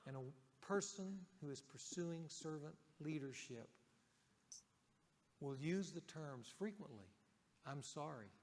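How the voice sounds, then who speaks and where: A male pastor preaching a sermon in a conversational way, raising his voice for emphasis and dropping it softly for key points. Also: fairly high pitch, lively intonation, slow pace, big-room sound.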